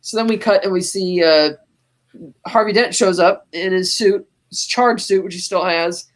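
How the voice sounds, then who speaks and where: Speaking at a moderate pace in a mid-range voice, a podcast co-host gives a casual, animated scene-by-scene retelling of a movie. Lines from the film get quoted in passing, and laughs come often.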